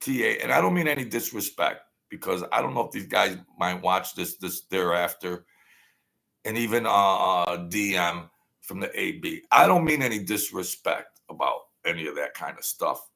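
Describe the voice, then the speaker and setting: Gravelly older man telling a street story. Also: low voice, expressive, moderate pace, pushed and bright. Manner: blunt, streetwise and wary. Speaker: channel host. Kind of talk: rambling casual storytelling.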